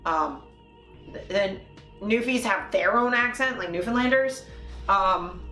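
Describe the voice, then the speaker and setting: A woman from Canada chats loosely on a live stream, laughing often and trailing into fillers. Her voice sits at an ordinary pitch, and it bounces around a roomy space. Faint music plays underneath. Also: a little slow, sharp tone. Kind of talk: casual chat.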